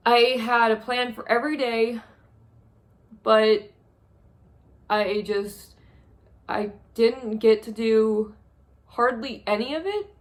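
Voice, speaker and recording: High-voiced young woman fighting tears. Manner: halting, heavy, emotionally drained. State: on the verge of tears. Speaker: vlogger. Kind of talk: tearful monthly review vlog. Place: small spare room.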